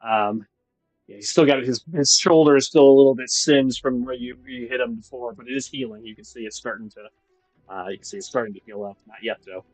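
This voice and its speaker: A man's voice: mid-range voice, a little fast, a little mellow, no room sound, soft background music, low-quality recording. A man narrating a tabletop game as game master, casual and with frequent ums and restarts.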